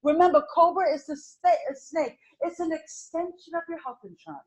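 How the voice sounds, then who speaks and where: A woman teaching an insurance licensing class, drilling terms over and over and firing questions at her students. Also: very high-pitched. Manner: animated, repetitive drilling with quick questions to students. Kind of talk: classroom exam-prep lecture.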